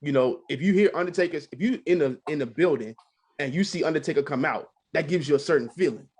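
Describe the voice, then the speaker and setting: Male panelist, higher pitch, calm step-by-step explainer in casual chat. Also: fast, slightly rough. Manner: patient, explanatory, breaks things down step by step. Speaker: podcast panelist.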